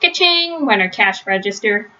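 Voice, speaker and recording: A woman reading a children's storybook aloud in a steady, gentle storytelling manner. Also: medium pitch, moderate pace, highs cut off. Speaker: storybook reader. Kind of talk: children's read-aloud narration.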